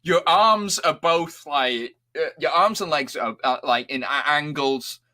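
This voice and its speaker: A man's voice: on the high side, expressive, a little slow, sharp tone. A man co-hosting a podcast, joking and laughing at his own jokes. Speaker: podcast co-host. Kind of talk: casual chat.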